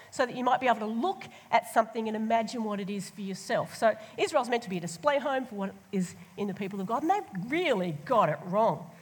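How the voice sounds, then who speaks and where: A woman preaches in a casual, lively way. Her voice is a little high and breathy. It rings with the long reverb of a large hall. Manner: lively, colloquial, acts out voices of the people. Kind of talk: sermon.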